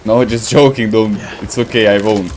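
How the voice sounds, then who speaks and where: A man's voice: on the low side, steady tone, moderate pace, a little mellow, a little hiss or hum. Laughing man rambling over a game. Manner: laughs often, rambling and joking, searches for words. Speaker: gaming streamer. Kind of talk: casual gameplay commentary.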